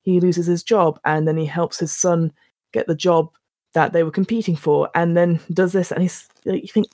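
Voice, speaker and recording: Fairly quick and fairly low, with vocal fry, a woman co-hosts a casual podcast where she reviews films. She retells scenes with animated storytelling, performs the quotes, and restarts often, with no echo on the recording.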